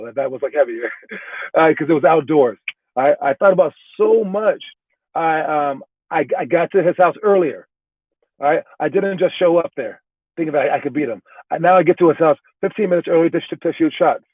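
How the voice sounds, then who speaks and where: A man's voice: on the high side, no room sound. Pep-talking man on a tinny line. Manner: rambling, repeats and restarts words, pep-talk tone. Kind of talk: casual motivational talk. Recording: tinny phone-like sound, dry.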